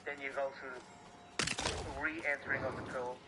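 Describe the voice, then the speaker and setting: A man's voice: medium pitch, normal speed. A man, a professional fighter, being interviewed. He talks bluntly, swears freely and repeats words when he gets heated. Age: adult with young children. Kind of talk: candid interview talk. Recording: interview clip with steady background noise.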